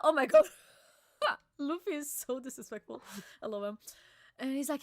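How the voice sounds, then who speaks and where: A young woman co-hosting a casual live reaction chat, excitable and giggly, with lots of slang and restarts. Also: high-pitched, unhurried, pauses often, no room sound, studio quality. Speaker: co-host reacting to a manga chapter.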